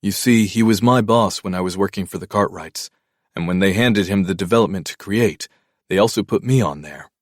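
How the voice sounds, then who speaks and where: A man reading a first-person audiobook in a measured, even storytelling manner. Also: low voice, no room sound, clean studio sound. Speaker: audiobook narrator.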